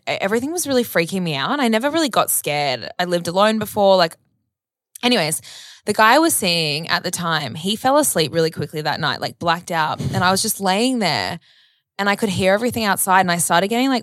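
A woman's voice: fairly low pitch, fairly bright tone, no echo, studio quality. A woman, telling a long story in casual chat, rambling with lots of "like" and casual swearing.

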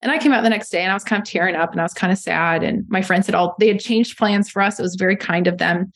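A woman's voice: mid-range voice, fast talker. A woman in her thirties, a mother, speaking as a podcast guest and telling personal stories in an earnest, reflective way. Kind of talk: conversational interview.

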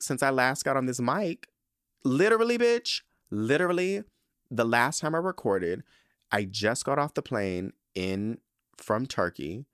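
A man hosting his own podcast in casual chat, talking in a sassy, animated way with lots of slang. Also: lowish voice, no room sound, studio quality. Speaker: podcast host.

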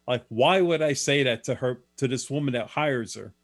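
A man's voice: medium pitch, moderate pace. Male guest author, plain storyteller, mid-range voice, matter-of-fact delivery. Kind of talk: storytelling in a radio interview.

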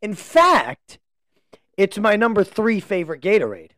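A man's voice: high-pitched, wildly swooping pitch, a little slow, fairly bright tone, no echo. A man co-hosting a casual podcast from a home laundry room, teasing his guests and laughing often, leaning close into a table microphone. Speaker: podcast co-host. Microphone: close table mic, leaning in.

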